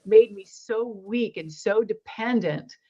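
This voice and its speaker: Woman, interview guest, earnest storyteller, voices the dialogue, middling pitch, slightly dull lo-fi sound. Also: takes it slowly, dark tone. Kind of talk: personal testimony in conversation.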